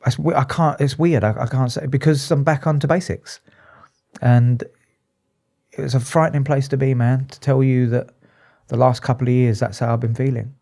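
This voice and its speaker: Man, psychotherapist guest; candid, emotional, restarts a lot; mellow, dark voice. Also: medium pitch, fairly even intonation, gravelly. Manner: earnest, emotional, halting with restarts. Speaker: psychotherapist and addiction specialist, guest. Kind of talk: candid interview talk.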